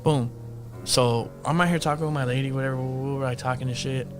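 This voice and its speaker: A man's voice: mid-range voice, fairly even intonation, quick pace, music in the background. A man casually telling a ghost story on a podcast, profane and slangy, acting out the other people's lines. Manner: profane, slangy, acts out quotes in voices.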